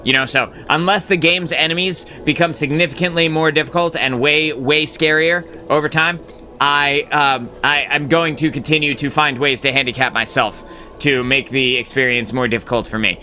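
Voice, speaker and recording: Streamer dude rambling to chat, lots of uh and like, bright punchy voice, kinda sweary. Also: male voice, fairly high pitch, fairly even intonation, moderate pace, a little hiss or hum. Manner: rambling and filler-heavy, with frequent "uh" and "like"; blunt and profane, reading and answering chat. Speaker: live-stream gaming host. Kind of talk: casual live-stream chat.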